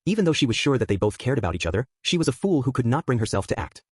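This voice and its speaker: Male audiobook narrator; brisk, slightly husky read. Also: medium pitch, sing-song, dry recording, clean studio sound.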